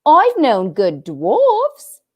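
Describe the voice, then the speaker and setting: A brisk, motherly beaver wife from a storybook, put on by a woman reading aloud. Her voice leaps up high and bright, then settles into a homely, no-nonsense tone. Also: huge pitch swings, heavily acted. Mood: firm.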